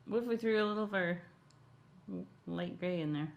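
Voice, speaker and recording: A woman co-hosting a painting lesson, adding short questions and friendly remarks. Her voice is somewhat low for a woman. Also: normal speed, dull audio. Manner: brief questions and friendly interjections. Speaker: co-host. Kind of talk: casual chat during a tutorial.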